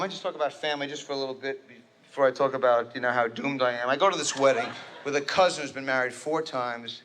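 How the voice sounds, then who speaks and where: This New Jersey stand-up delivers a rambling, self-deprecating, neurotic set to a live audience. His medium-pitched voice sounds pushed and bright, with slight background noise.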